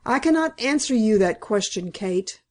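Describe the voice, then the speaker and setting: A woman reading aloud, voicing a dignified older father who speaks quietly and gravely. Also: on the high side, expressive, normal speed, lightly acted.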